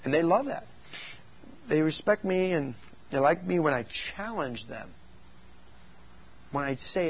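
A man's voice: on the high side, measured pace, pauses often, muffled recording, slight background noise. A man who works as a youth pastor, speaking to other youth workers and telling stories animatedly. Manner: animated storytelling, acts out voices in quotes.

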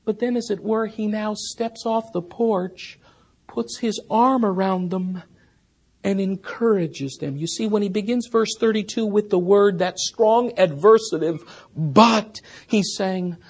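A man preaching an expository sermon as a pastor, earnest, rising to emphatic peaks and then dropping soft. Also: high voice, measured pace, breathy edge.

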